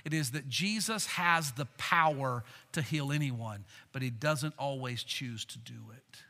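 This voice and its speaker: A man preaching a sermon as pastor, swinging from hushed, near-whispered lines to loud emphatic ones. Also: mid-range voice, measured pace, gravelly. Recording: long hall reverb.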